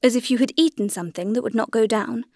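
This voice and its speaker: A woman voicing a kind, calm older male doctor in an audiobook, speaking gently and soothingly. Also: fairly high pitch, fast, dry recording, clean studio sound. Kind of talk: audiobook character reading.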